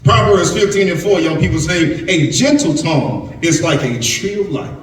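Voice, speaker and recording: High-voiced preacher echoing through a church. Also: male voice, moderate pace. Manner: preaching to young people with repetitions and stammered restarts. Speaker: pastor. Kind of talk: sermon. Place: church sanctuary. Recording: very echoey church sanctuary from far off.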